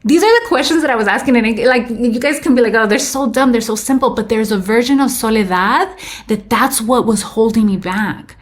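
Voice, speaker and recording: A woman's voice: fairly high pitch, fairly quick. Woman, 30s, podcast guest, candid storytelling, code-switches into Spanish. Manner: candid, mixes in Spanish phrases. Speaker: podcast guest, business owner. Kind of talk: casual interview storytelling.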